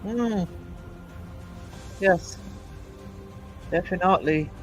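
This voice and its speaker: A man's voice: high voice, extremely slow, faint music behind. A man from England hosting a livestream, chatting casually and reading out viewer comments with a self-deprecating, laughing manner. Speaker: livestream host.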